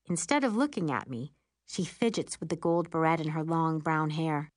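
A woman narrating a first-person audiobook in an expressive, wry storytelling manner. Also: deep voice, normal speed, no room sound, studio quality.

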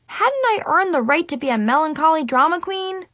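A woman reading a first-person children's story with a dramatic, expressive teen-girl manner. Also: very high voice, normal speed, no room sound. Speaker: audiobook narrator.

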